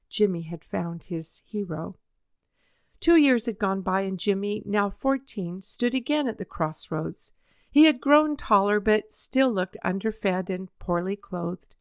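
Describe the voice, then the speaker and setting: A woman narrating a children's story in an even, measured reading voice. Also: medium pitch, no echo, studio quality. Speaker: audiobook reader.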